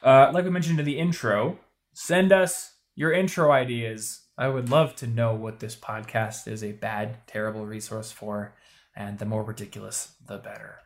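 A man's voice: lowish voice, fairly even intonation. A man co-hosting a podcast, giving blunt, emphatic advice in casual chat. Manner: emphatic, punchy advice-giving with quick asides. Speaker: podcast co-host.

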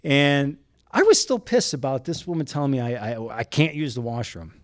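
Guy telling a story, fired up and emphatic, lively pitch, dry studio sound. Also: normal speed, no room sound. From Chicago South Side. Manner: animated, emphatic, indignant storyteller. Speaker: guest, TV news cameraman. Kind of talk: storytelling anecdote in an interview.

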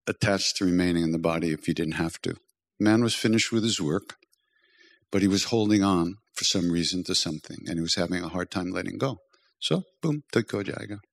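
An older man with a low voice gives a spiritual talk built on storytelling. A teacher and podcast host, he is gently humorous and self-deprecating.

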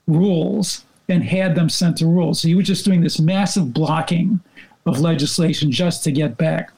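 A man's voice: high-pitched, gravelly, a little mellow, rough recording. A male reporter explaining council events in casual talk, wry and hesitant with fillers. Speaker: reporter guest.

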